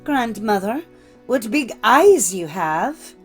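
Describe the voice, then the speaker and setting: Little storybook girl, innocent and wide-eyed, higher and sweeter, as a woman reads her. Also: big pitch swings, takes it slowly, faint music behind. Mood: wondering. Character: innocent little girl in red, naive and wondering.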